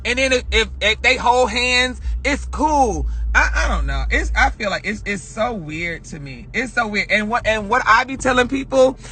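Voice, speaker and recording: High, bright-voiced man ranting in a car. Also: expressive, normal speed, few pauses. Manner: emphatic, swears often, addresses viewers directly. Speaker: vlogger. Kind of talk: heated casual rant to viewers. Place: parked car. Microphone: phone camera.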